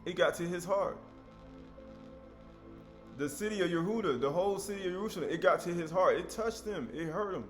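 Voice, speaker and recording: A man preaching a sermon in a conversational, animated way, with sudden loud outbursts. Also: sits high, brisk, pauses often, faint music behind.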